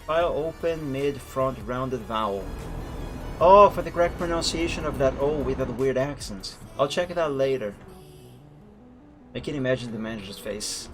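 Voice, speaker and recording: A young man with a foreign accent, chatting casually and rambling while he streams a driving game, over loud background music. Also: mid-range voice, normal speed. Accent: foreign accent in English. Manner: chatty, rambling, self-correcting. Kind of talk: casual live-stream chat while playing. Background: lofi music and truck engine.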